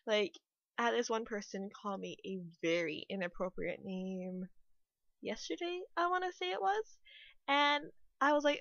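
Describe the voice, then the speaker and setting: A woman's voice: on the high side, lively intonation, moderate pace, a bit bright, no room sound, highs cut off. A young woman from Canada chatting casually as she rambles, with a lot of "like" and "you know". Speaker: YouTuber, restaurant worker. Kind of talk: casual chat over a speed build.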